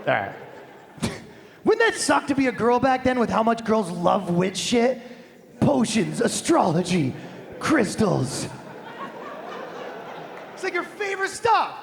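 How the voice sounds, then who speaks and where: A man's voice: very high-pitched, sing-song, takes it slowly, vocal fry, long pauses, a faint crowd. A man doing a stand-up comedy set on a live stage, brash, crude and conversational, into a handheld microphone.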